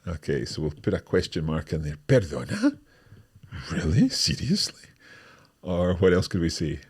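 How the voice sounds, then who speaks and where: A man hosting a language lesson, explaining each phrase and repeating it clearly for learners. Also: sits low, steady tone, brisk, darkish tone. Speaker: language teacher and host.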